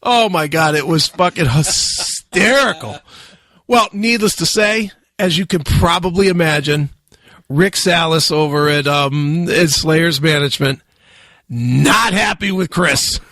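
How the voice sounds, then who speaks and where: A man hosting a radio talk show, telling a wild story loudly with lots of swearing and laughter. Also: fairly high pitch, a little slow, no echo. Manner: loud, profane, laughing storyteller. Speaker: radio host.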